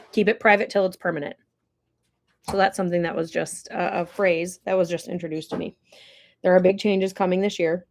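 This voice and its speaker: A woman hosting a casual livestream from home, chatting and rambling to viewers while eating dinner. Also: lowish voice. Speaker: livestream host.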